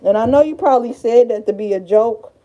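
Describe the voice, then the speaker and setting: A woman's voice: on the high side, fairly quick, warm tone, muffled recording. A woman with a Detroit accent talking casually on a livestream, blunt, profane and rambling. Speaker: livestream host.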